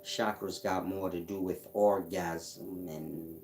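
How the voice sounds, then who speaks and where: A man's voice: sits low, steady tone, takes it slowly, over music. A man hosting a casual livestream, reading out chat comments and answering them in a blunt, mocking way with frequent laughs. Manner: blunt, mocking, laughs at his own jabs.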